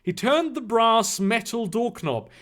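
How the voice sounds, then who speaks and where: A man reads a story aloud and breaks off constantly to tear into it with crude, swear-laden sarcasm. His voice sits high for a man and swings widely in pitch, animated and scornful. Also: measured pace. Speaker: reader and commentator. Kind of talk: reading fan fiction aloud with mocking commentary.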